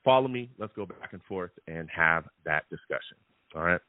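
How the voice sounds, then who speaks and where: A man hosting a live sports fan show, chatty and animated, who keeps checking in with his listeners. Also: low-pitched, moderate pace, no room sound. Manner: animated and chatty, repeats "okay?" and "all right?" often. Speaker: sports podcast host. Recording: tinny phone-like sound.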